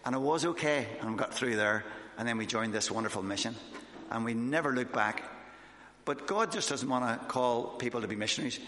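A man's voice: mid-range voice, fairly quick, pushed and bright. A man, a missionary, giving an informal sermon with his own testimony, talking conversationally with fillers and restarts. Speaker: missionary preacher. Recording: echoey hall.

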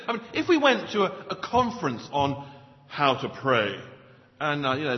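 Male preacher, high and animated, emphatic, dull recording in a long-reverb hall. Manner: emphatic, swings between loud stresses and soft low asides. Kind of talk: sermon.

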